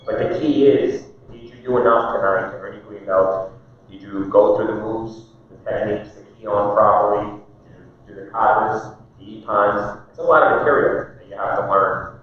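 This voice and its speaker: Low-voiced karate instructor in an echoey dojo. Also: male voice, moderate pace. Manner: casual, encouraging, lots of "all right?" check-ins. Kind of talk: addressing students at a belt ceremony. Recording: distant, very echoey, dull room recording.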